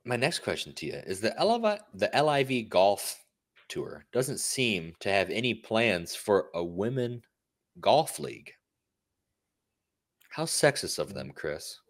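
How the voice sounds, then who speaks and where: A man's voice: lowish voice, big pitch swings, unhurried. A man hosting a casual talk show who asks questions and gives dry, wry reactions. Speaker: podcast host. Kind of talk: casual chat, asking questions.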